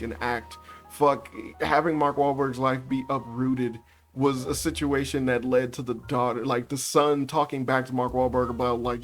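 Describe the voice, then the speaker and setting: A man reviewing a movie in a casual, profane, sarcastic rant, often breaking into laughter mid-sentence. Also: fairly high pitch. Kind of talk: casual ranting commentary.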